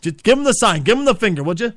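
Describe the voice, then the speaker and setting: Male comedy host, high and very animated, bickering and cursing, leaps between squeaks and growls. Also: racing. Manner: flips between squeaky outbursts and low grumbling, swears a lot. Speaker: podcast host.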